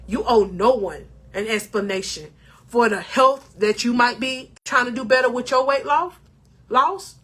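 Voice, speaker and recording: Bright high-voiced woman life coach. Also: unhurried. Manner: emotional, preachy, addresses viewers as king or queen. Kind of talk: motivational talk to camera.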